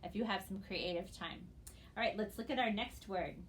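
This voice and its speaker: A woman gives a phonics lesson to students she cannot see, talking in a patient, encouraging way. She spells out letters slowly and clearly. A faint hiss runs under her voice. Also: medium pitch. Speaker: reading teacher.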